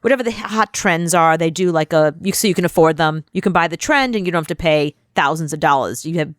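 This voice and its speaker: A young adult woman co-hosting a radio show, telling a rambling, animated anecdote in casual chat. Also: low voice, quick pace, no echo, clean studio sound. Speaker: radio co-host.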